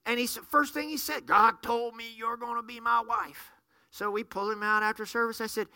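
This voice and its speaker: Bright-voiced preaching pastor, man. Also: very high-pitched, fast, no room sound. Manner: animated storyteller, acts out dialogue. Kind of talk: sermon storytelling.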